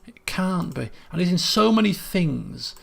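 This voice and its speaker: A man's voice: high voice, sing-song, measured pace, creaky. A man, thinking aloud as he streams a puzzle game, muttering guesses and restarting sentences. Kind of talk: casual gameplay commentary.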